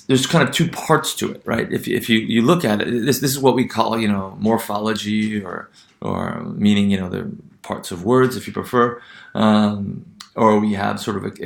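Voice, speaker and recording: A man gives a classroom lecture in a low, gravelly voice, stopping and restarting often and spelling out letters as he goes. The room around him is echoey. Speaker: university teacher.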